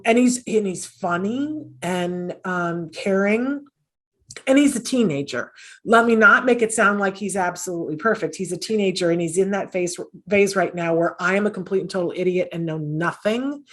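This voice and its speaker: A woman's voice: medium pitch, fairly bright tone. A middle-aged woman talking earnestly as an interview guest, with many fillers and restarts. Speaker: podcast host and autism mom, guest. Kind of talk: conversational interview storytelling.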